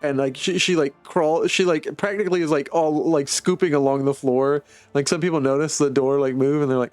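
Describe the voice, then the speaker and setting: A man's voice: on the high side, steady tone, fairly quick, hardly any pauses, no room sound, soft background music. A man running a tabletop game as game master, rambling with lots of "like" and restarts.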